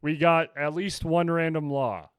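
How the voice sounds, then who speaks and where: A man's voice: a little high, fairly even intonation, unhurried, clean tone, no echo. A young man co-hosting a casual podcast, laid-back and dry as he steers the conversation. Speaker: podcast co-host. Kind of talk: casual chat.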